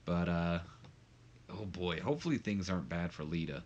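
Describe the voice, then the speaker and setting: A man's voice: low voice, moderate pace, a little mellow, dull audio, slight background noise. A man giving casual, rambling commentary over a wrestling management game, with many fillers. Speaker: gameplay commentator.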